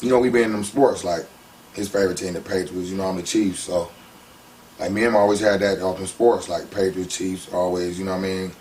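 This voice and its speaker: A man with a lowish voice tells his story in a casual interview, animated and full of slang. He sits back from the microphone. A faint hum of background noise runs underneath. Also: a little fast, distant mic. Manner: animated, slangy, heats up when retelling conflicts.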